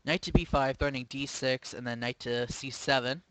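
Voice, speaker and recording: A man's voice: medium pitch, steady tone, a little fast, fairly bright tone, dry recording, poor audio. A man commentating his own online chess game live, thinking aloud with hesitant, self-questioning remarks. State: sleepy, yawning. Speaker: chess streamer.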